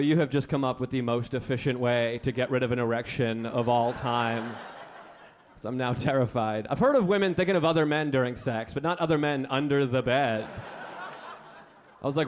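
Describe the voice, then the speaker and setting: A man doing a stand-up comedy set on a club stage, with a deadpan, self-deprecating delivery. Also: medium pitch, brisk, a little hiss or hum. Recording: live club set with faint crowd. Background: audience laughter.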